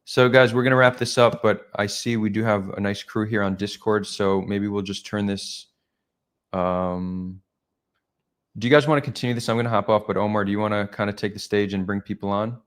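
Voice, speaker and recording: A man's voice: on the low side, steady tone, a little fast. A man hosting a live stream, chatting casually and reflectively with viewers, rambling a little as he goes.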